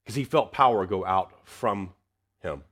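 A man preaching a sermon, swinging between loud emphasis and hushed tenderness. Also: lowish voice, measured pace.

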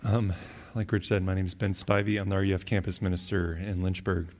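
A young man delivers a sermon in a very deep voice, congested and husky from a cold that gives him a slight twang. He talks in an easygoing, conversational way, with plenty of little fillers between his points. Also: brisk, a little hiss or hum. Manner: relaxed, conversational preaching with fillers. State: sick, congested. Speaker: campus minister.

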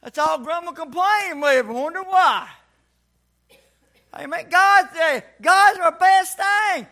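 A man preaching a sermon to a church congregation, folksy and calling for responses, sometimes shouting. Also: very high-pitched, slow pace.

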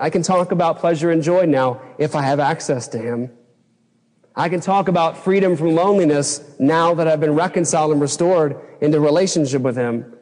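A male pastor delivering an impassioned sermon, his voice pitched a bit high for a man. He leaps up when he replays his old outbursts. The church sanctuary carries a long, trailing reverb. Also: darkish tone. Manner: impassioned preaching, acts out his own past outbursts in a raised voice.

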